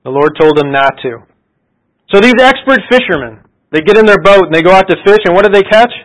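A man with a slightly higher voice preaches a relaxed, conversational sermon. He retells scripture like a story and often stops to ask his listeners rhetorical questions. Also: a little fast, low-quality recording.

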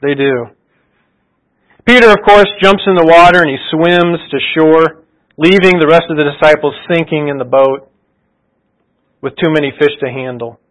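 A man's voice: fairly high pitch, moderate pace, pauses often, a bit bright, poor audio. A man preaching a sermon, retelling scripture in a conversational storytelling way and asking rhetorical questions.

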